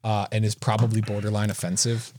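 A man's voice: on the low side, flat delivery, darkish tone, a little hiss or hum. A man co-hosting a podcast, chatting casually and eagerly about a film he loved. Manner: enthusiastic, reads quickly. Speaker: podcast co-host. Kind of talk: casual film review chat.

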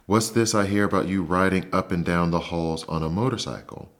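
A tactless old uncle mouse, read by a man with a low voice. He speaks bluntly and gruffly in a calm storybook telling. The tone stays soft and steady. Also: brisk.

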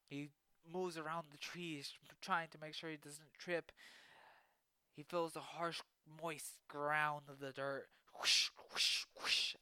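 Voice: medium pitch, pushed and bright, clear, resonant tone, no room sound. A podcast host narrating a spooky story in an improvised way, with spoken sound effects and frequent restarts.

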